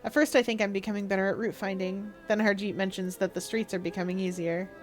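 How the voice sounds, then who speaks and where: A woman's voice: medium pitch, steady tone, quick pace, faint music behind. A young woman streaming a game, chatting casually in a playful, giggly way.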